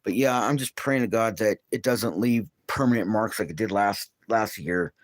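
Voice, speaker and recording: A man's voice: lowish voice, normal speed, no echo. A man in his late fifties hosting a live stream, talking in a blunt, rambling way and laughing between his stories. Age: late 50s.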